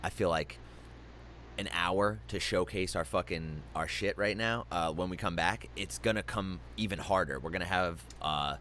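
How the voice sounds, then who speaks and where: A man's voice: low voice, moderate pace, bright, forceful tone, a little hiss or hum. A young adult man hosting an interview, talking casually with many ums and restarts and some swearing. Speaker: host.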